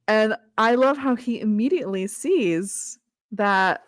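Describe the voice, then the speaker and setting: A woman co-hosting a casual book discussion, animated, laughing often and acting out the characters' lines. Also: mid-range voice, a little slow, no room sound, studio quality. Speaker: book club co-host.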